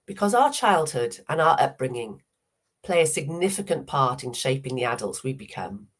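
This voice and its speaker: Low croaky woman with a cold, measured personal talk at an online summit. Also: very animated. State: hoarse with a cold. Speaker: speaker, hypnotherapist.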